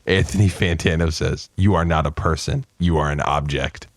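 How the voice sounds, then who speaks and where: Low-voiced male podcast co-host, deadpan, dry mic. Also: moderate pace, no echo. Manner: deadpan reading, laughing often. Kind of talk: casual chat, reading AI texts aloud.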